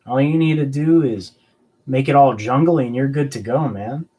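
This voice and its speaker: Man, live-stream host, casual chat, jokey, rambling, mid pitch. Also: moderate pace, dark tone.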